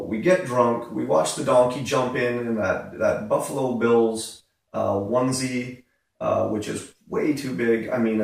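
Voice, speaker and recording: A man, hosting a podcast and telling a story in a casual, animated, exasperated way with lots of "uh" fillers. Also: mid-range voice, vocal fry. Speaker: podcast host. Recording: echoey room, distant mic.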